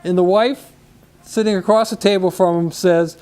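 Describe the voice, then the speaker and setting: Male local sports announcer, talkative storyteller, higher voice, restarts his words. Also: steady tone, moderate pace, darkish tone. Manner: chatty, storytelling, repeats words when starting. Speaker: sports commentator. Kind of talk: casual booth chat between plays.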